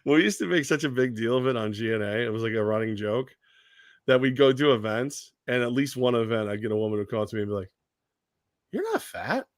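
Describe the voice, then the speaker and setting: A man co-hosting a sports talk show in casual chat, recorded dry and close with no room sound. His pitch sits in the middle for a man. He keeps slipping into the voices of the people he quotes and swears in passing. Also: quick pace, dry recording. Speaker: radio show co-host.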